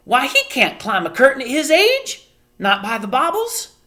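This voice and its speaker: A woman voicing a fretful, tearful little borrower mother in a storybook reading, with a high, quavering, dramatic voice. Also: huge pitch swings, a little slow, fairly bright tone. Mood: distraught.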